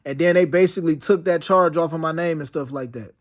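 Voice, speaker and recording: High-voiced man rambling through a story. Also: brisk. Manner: meandering storytelling with many fillers and restarts; slangy, peppered with "yo" and "you know what I'm saying". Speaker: vlogger recounting dreams and past events. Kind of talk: casual rambling monologue.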